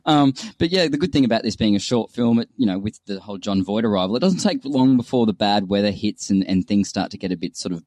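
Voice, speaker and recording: Fast, low-voiced male co-host, chatty, laughs through his points, dry close sound. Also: expressive, a little mellow, dry recording. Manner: chatty, laughs often, restarts sentences. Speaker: film review podcast co-host. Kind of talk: casual chat.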